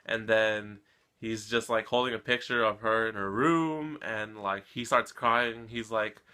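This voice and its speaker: Bright-voiced man ranting about an anime episode. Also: on the low side, fairly even intonation, measured pace, clear, resonant tone. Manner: emotional, rambling, keeps addressing viewers with "guys" and "come on". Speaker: anime reaction channel host. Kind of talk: casual episode reaction and recap.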